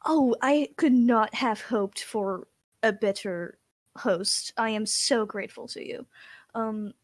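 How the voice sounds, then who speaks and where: A young noblewoman staging her grief, breathy, pleading and excessively polite, played by a woman. The voice sits somewhat high. The sound is dry and close. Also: slow pace, no room sound. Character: young noblewoman feigning distress, theatrical.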